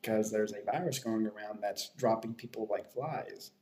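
A man's voice: lowish voice, moderate pace, background noise. A man telling stories in casual chat on a podcast. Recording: echoey room.

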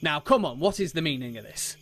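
A man's voice: fairly high pitch, a little slow, fairly bright tone, a little hiss or hum. A man voicing an honourable veteran knight who speaks in a stern, protective way. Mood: indignant.

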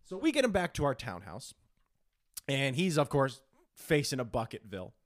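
A man's voice: mid-range voice, normal speed. A young man hosting a podcast, telling a story in casual chat and acting out quotes. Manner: animated, acts out quotes in changing voices. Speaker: podcast host.

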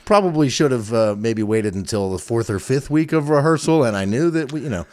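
A man co-hosting a podcast in casual chat, an animated storyteller with many fillers. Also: medium pitch, a little fast, noisy background. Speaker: podcast co-host.

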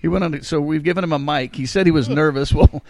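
A man's voice: fairly high pitch, fast talker, a little hiss or hum. A man hosting a podcast in casual chat, teasing his father and laughing often. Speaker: podcast host.

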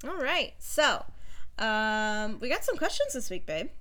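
A woman's voice: a little high, big pitch swings, unhurried, sharp tone. A young woman co-hosting a casual chat show, chatty and upbeat, laughing easily. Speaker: podcast co-host.

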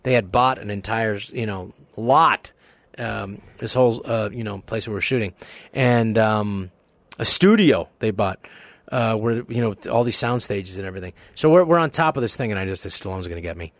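A man's voice: on the low side, moderate pace, hardly any pauses, no room sound. A male guest actor telling a story casually on a podcast, acting out other people's lines. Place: podcast studio.

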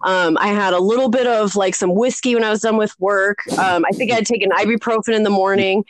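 A woman's voice: mid-range voice, steady tone, quick pace, dry recording. A woman co-hosting a podcast, telling a rambling story in casual chat, laughing often and poking fun at herself. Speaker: podcast co-host.

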